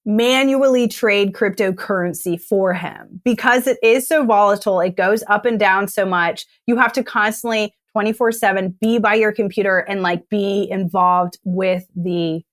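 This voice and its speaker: A woman's voice: medium pitch, normal speed, few pauses, no room sound. Young woman telling her story, dry close sound. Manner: animated, acts out her own past words. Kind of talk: casual storytelling.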